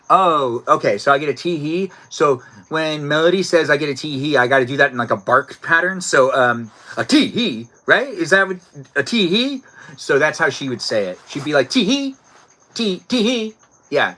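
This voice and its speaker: A man's voice: mid-range voice, bright, forceful tone. A man hosting a casual live stream outdoors, chatting playfully with viewers and reading their comments aloud. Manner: playful, jokey, talks to chat by name, barks and giggles on request. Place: outdoors, cold evening.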